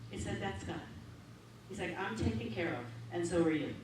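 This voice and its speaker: Animated woman preaching in an echoey hall. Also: lowish voice, moderate pace. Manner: animated, laughs often, acts out quotes. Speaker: minister giving a talk. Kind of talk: storytelling sermon. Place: large hall of a spiritual center. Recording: echoey hall, distant mic, faint hum.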